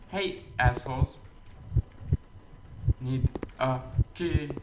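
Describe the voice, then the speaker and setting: A man's voice: medium pitch, unhurried, reverberant, background noise. A man giving sarcastic, joking let's play commentary, swearing as he goes. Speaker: gamer.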